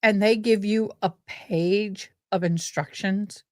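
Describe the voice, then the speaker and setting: Slow, dry-voiced woman chatting. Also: medium pitch, steady tone, no room sound. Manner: rambling, exclaiming, self-interrupting. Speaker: livestream host. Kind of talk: casual livestream chat.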